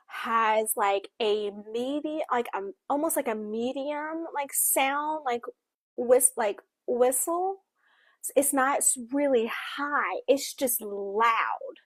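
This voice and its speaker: Slow-talking woman with a dry close sound. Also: high voice, a bit bright, no echo. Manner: speaks while signing, voicing for a signing co-host; halting, self-correcting storytelling. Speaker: book club co-host. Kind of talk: casual book discussion.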